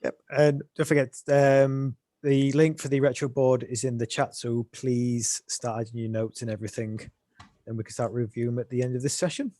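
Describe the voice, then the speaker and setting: A man's voice: medium pitch, flat delivery, normal speed, warm tone, no echo. Male webinar host, upbeat and informal, dry close sound. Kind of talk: hosting a webinar. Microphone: video call.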